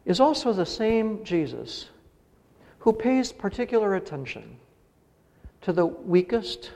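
In a church sanctuary, a middle-aged pastor preaches a little slowly in a high, gravelly, mellow voice marked by big pitch swings. He is earnest and drives key phrases to emphatic peaks, and the room lends the long reverb of a church hall.

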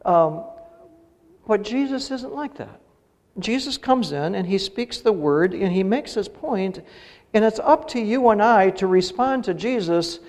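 A man's voice: high voice, animated, measured pace, a little mellow. A middle-aged male pastor preaching a sermon, earnest and building to emphatic peaks on key phrases. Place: church sanctuary. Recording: long reverb of a church hall.

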